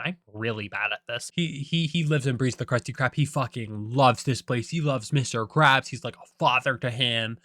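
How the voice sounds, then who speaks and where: A man's voice: mid-range voice, sharp tone, dry recording, clean studio sound. A young man casually retelling a film plot, rambling with lots of "like" and the odd swear word. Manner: rambling, full of "like", self-deprecating, swears. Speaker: vlogger.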